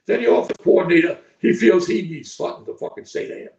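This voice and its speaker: A man's voice: high-pitched, fast, creaky, darkish tone. An older man, a football coach, talking bluntly in a podcast interview, profane and repetitive, checking in with "okay?" and "right?". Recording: echoey distant lo-fi stream audio.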